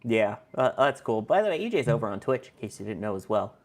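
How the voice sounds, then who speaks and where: A playful host on a casual podcast, reading out viewer comments and laughing often. The voice sits at an ordinary middle pitch. The delivery stays loose and easygoing throughout. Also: big pitch swings, quick pace. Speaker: show host reading chat.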